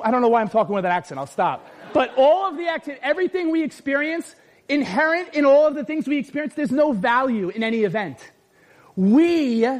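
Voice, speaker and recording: A middle-aged pastor delivers an animated sermon, his unusually high-pitched voice rising into shouts to drive his points home. He talks to the congregation directly, asking questions and calling for responses. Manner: animated, often shouting for emphasis.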